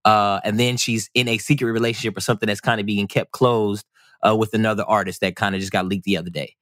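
A man with a slightly low voice talks through a casual podcast conversation. He is animated and rambling, full of restarts and fillers, and his voice sits dry and close to the mic. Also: fast talker, dry recording. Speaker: podcast co-host.

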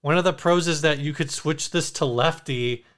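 A man's voice: a little high, normal speed, fairly bright tone. A man co-hosting a podcast, chatting in a playful way and reading listener comments aloud. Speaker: podcast co-host. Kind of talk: casual chat.

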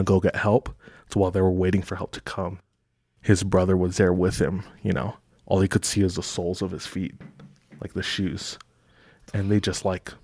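Low-voiced man in laid-back podcast chat. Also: a little mellow, dry recording, clean studio sound. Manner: laid-back storytelling with many fillers. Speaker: podcast co-host. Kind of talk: casual chat.

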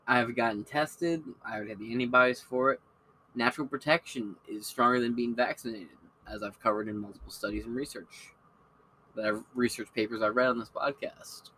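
Bright-voiced, profane, rambling podcast host, a man. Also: mid-range voice, breathy edge, rough recording. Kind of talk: casual monologue.

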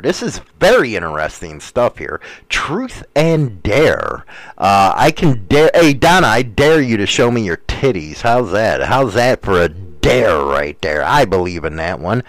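A man hosts a loose, profane chat, stumbling through "uh"s as he riffs on viewer questions. His voice leaps up and down in pitch as he works himself into rants. The sound is dry, with almost no room echo. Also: sing-song, a little slow. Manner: crude, profane, full of "uh" fillers; rowdy, swings into loud rants. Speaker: host answering viewer questions. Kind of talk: casual rambling chat.

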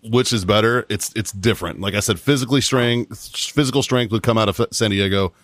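A man's voice: on the low side, a little fast, a bit bright, no echo. Brief: middle-aged male podcast co-host, retired Marine, profane and joking, dry sound. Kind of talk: casual chat.

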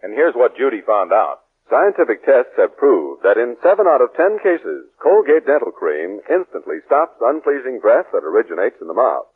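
A man's voice: mid-range voice, big pitch swings, moderate pace, breathy edge. A man announcing and reading a commercial on 1940s radio, polished and emphatic. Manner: polished, emphatic salesman delivery. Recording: tinny old radio broadcast.

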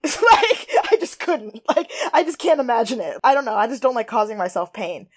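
A woman's voice: a little high, very animated, moderate pace, fairly bright tone. A young woman co-hosting a casual chat, recapping a reality show bluntly and sarcastically, swearing freely and acting out what people said. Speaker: podcast co-host.

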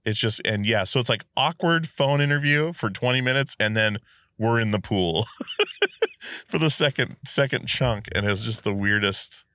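A man's voice: medium pitch, normal speed, no room sound. A man hosting a podcast, telling a long casual story full of fillers and asides. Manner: animated storyteller, many fillers. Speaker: podcast host.

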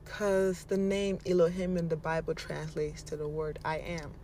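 A woman's voice: sits low, monotone, normal speed, warm tone, a little hiss or hum. A woman giving casual motivational advice, playful and laughing often, slipping into mocking voices and casual swearing. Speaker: vlogger giving manifestation advice.

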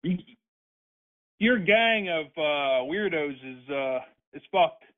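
A man targeted by a prank call rages on the phone, throwing out profane insults in a slightly high, animated voice while taking it slowly. The audio has a tinny phone-line quality.

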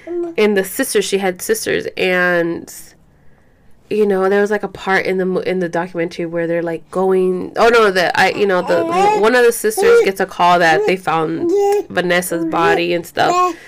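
A woman's voice: on the low side, big pitch swings, moderate pace. A young woman at home, talking candidly to her viewers in a loose, casual way, full of fillers and swearing. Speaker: vlogger. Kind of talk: casual talk to camera. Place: home, caring for a baby.

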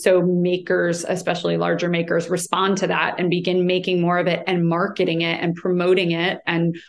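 American woman explaining cheese, low voice. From United States. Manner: thoughtful, explanatory, with many fillers and restarts. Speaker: cheese writer and commentator. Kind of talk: conversational interview answer.

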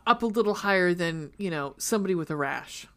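A woman in casual chat, listening encouragingly and chiming in with quick jokes. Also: fairly low pitch, lively intonation, a bit bright. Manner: encouraging, quick to react and joke.

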